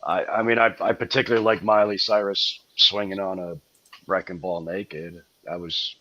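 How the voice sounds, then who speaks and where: A man's voice: low voice, fairly even intonation, moderate pace, bright, forceful tone, dry recording, lo-fi sound. Profane guy with a New York accent. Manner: profane, rambling, laughs often. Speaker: band member guest. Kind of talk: casual crude podcast banter.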